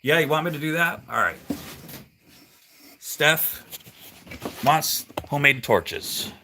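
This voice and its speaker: A man's voice: on the high side, big pitch swings, takes it slowly, noisy background. A man hosting a live stream while working on his truck. He chats with viewers in a rambling way, with lots of fillers. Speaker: livestream host working on a truck. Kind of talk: casual live-stream chat.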